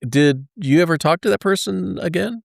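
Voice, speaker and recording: A man's voice: high-pitched, moderate pace, creaky, no echo, clean studio sound. A man from North Carolina, hosting a casual podcast chat and telling old jokes with frequent laughs. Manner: jokey, laughs often, tells old jokes. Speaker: podcast host.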